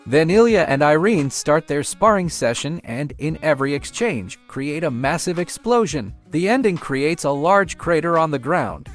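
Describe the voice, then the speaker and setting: A man narrating a comic story recap in an animated storytelling way. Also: fairly high pitch, moderate pace, faint music behind.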